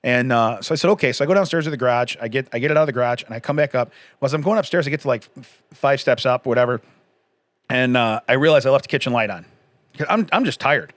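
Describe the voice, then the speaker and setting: A man's voice: medium pitch, fast, no room sound. Man, forties, casual podcast chat, rambling stories, laughs a lot, dry close sound. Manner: rambling storyteller, laughs often. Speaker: podcast co-host.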